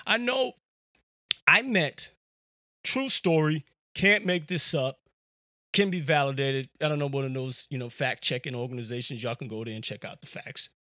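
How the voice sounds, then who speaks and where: In a casual podcast monologue recorded on a USB microphone, a man rambles and jokes with plenty of fillers. He has a mid-range voice with a bright, forceful tone and moves at a moderate pace. The audio is clean studio sound, free of room noise.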